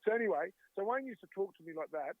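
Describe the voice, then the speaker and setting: A man's voice: high voice, animated, rapid-fire. Australian man in his fifties on a tinny line. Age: 50s. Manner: chatty anecdotes, acts out quoted voices, laughs often. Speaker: guest, former rugby league player. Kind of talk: storytelling interview talk. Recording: dry, tinny phone-like line.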